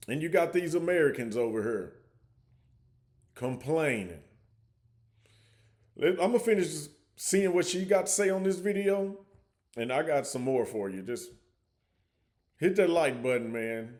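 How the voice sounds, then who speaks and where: A man's voice: fairly high pitch, sing-song, measured pace, pauses often, darkish tone. A man hosting a casual reaction commentary, talking conversationally with frequent stammering restarts. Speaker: commentary host.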